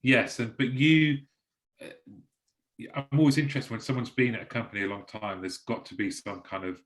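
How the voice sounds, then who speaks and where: A man's voice: medium pitch, fairly even intonation, normal speed, poor audio. A man hosting a podcast interview, asking long, winding questions with interest. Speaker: podcast host.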